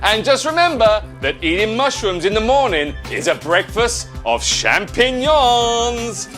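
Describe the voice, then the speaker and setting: A man's voice: sing-song, measured pace, a bit bright, faint music behind, heavily acted. A man putting on a chirpy fake-Canadian mushroom salesman. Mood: cheesy, upbeat. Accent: put-on Canadian. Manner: corny puns, sing-song sales pitch. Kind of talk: comedy sketch advert.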